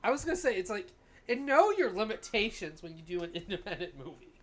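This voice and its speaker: Wry woman podcaster, lively pitch. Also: fast talker. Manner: wry, joking asides. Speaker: podcast co-host. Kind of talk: casual podcast chat.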